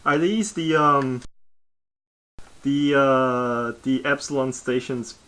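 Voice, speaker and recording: A man's voice: mid-range voice, fairly even intonation, slow pace, bright, forceful tone, poor audio. A man playing a tabletop game, casually and animatedly describing his character's actions. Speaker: player.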